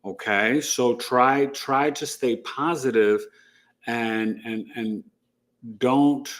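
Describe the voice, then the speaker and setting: A man's voice: medium pitch, a little slow. A man hosting a casual astrology livestream, chatty and joking as he gives advice. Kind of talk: casual live-stream chat.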